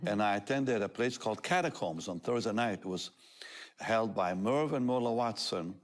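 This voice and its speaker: A talk show guest, an older man, gives a personal testimony at a moderate pace in a fairly low voice. He stays animated throughout, often laughing and voicing what others told him.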